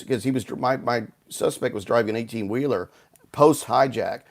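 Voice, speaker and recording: This Houston man, a guest author, has a mid-range voice and keeps a moderate pace. He's on a video call for a casual storytelling interview, spinning a long, rambling tale full of restarts and filler words. He's from Houston, United States.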